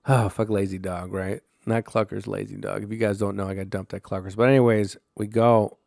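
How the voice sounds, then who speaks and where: A man's voice: on the low side, little pitch movement, brisk, vocal fry, darkish tone, no echo, studio quality. A man hosting a solo podcast, telling stories in a rambling, profane way full of fillers and restarts. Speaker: podcast host.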